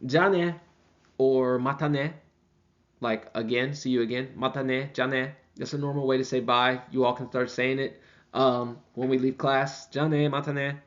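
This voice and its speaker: A man teaching a beginner language class in a relaxed, chatty way. He slows down and repeats example phrases for the students. The recording sounds dull and lo-fi. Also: medium pitch.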